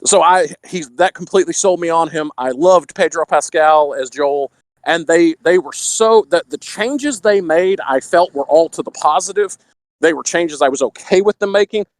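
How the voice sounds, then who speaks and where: A chatty man with a Texan accent talks as a podcast guest, his voice sitting a little high for a man. He laughs between thoughts and keeps a slight radio polish on his delivery. The sound is dry and close, with no room around it. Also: normal speed, no echo. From Texas. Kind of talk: casual podcast chat.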